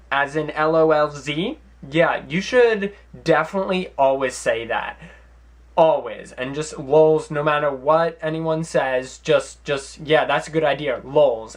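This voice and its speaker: A young man hosting a comedy vlog from home, giving mock advice in a deadpan, sarcastic way with rambling asides. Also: medium pitch. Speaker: vlog host. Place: at home, sitting in front of a camera.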